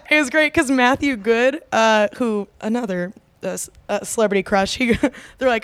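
Chatty woman with a smooth voice. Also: on the high side, takes it slowly, dry recording. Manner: rambling, many fillers and restarts. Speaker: podcast co-host. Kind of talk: casual chat.

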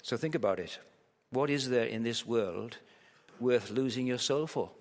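A man's voice: mid-range voice, moderate pace. A male preacher delivering a sermon with vivid storytelling. He keeps pressing his points with emphatic rhetorical questions, and his voice rings with a long reverb through a large hall. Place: large hall at a church camp.

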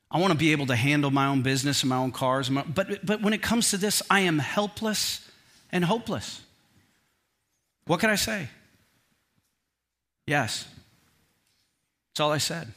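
A middle-aged man preaching from the pulpit in a bright, forceful voice that sits a little high. He tells his story in an animated way, pokes fun at himself and keeps the tone humorous. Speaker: pastor. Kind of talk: sermon with personal storytelling.

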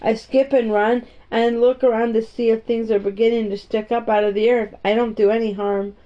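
A woman's voice: on the high side, flat delivery, normal speed, natural voice. A woman voicing a timid, earnest little orphan girl with an anxious, tremulous, pleading way of speaking. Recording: dull, muffled audio.

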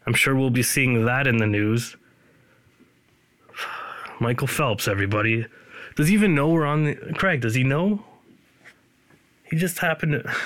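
A man from Canada, hosting a podcast in a rambling, deadpan, self-deprecating way. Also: mid-range voice, unhurried, pauses often, no echo. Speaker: podcast host. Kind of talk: casual solo podcast monologue.

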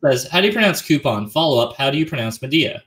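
A man co-hosting a live stream, briskly reading out viewers' questions from the chat. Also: a little high, expressive, fairly bright tone.

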